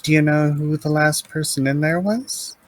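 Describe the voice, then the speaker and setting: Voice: mid-range voice, fairly even intonation, normal speed, no room sound, poor audio. Player asking questions in a dry voice. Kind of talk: casual in-character talk at the game table.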